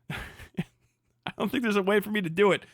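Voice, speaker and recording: A man's voice: high voice, moderate pace, no room sound, clean studio sound. A man hosting a live stream, ranting bluntly and heatedly with a lot of swearing. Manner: heavily profane, heated and blunt.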